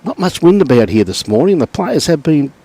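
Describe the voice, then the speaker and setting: A middle-aged Australian man doing relaxed live commentary on lawn bowls, chatting and greeting viewers by name. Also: on the high side, fairly quick, no room sound.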